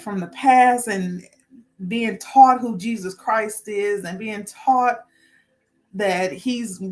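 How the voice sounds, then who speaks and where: A woman hosting a casual spiritual talk, earnest and informal, often restarting sentences as she works through her points. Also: mid-range voice. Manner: rambling, restarts, talks herself through points. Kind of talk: casual spoken talk with notes.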